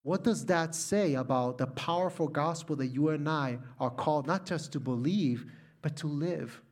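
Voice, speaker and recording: In this sermon, a middle-aged preacher from Puerto Rico shares a story about his own family. He speaks at a normal speed in a slightly high voice, lively in delivery yet hushed and gentle during the emotional parts.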